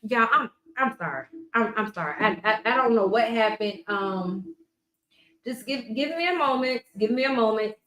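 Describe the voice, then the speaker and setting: A woman podcast coach talking casually to her viewers, chatty and emphatic, with quiet asides. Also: on the high side, lively intonation, normal speed, reverberant, rough recording. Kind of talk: casual promotional talk to camera.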